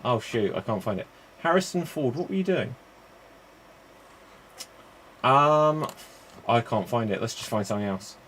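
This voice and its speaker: A man's voice: mid-range voice, animated, measured pace, long pauses, fairly bright tone, slight background noise. A man hosting a live-streamed improv show, chatty and rambling between games.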